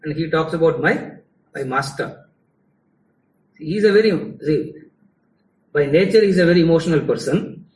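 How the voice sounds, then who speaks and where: A man's voice: a little high, normal speed, long pauses, a little mellow. A man with a Tamil-English accent giving a spiritual lecture to a class in a conversational, teasing way. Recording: echoey hall, mic at a distance.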